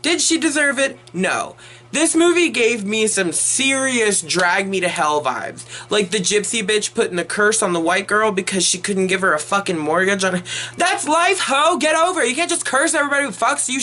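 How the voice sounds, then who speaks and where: A man's voice: sits high, pushed and bright. A young man giving an unedited movie review in a rambling, exasperated and profane rant, full of restarts.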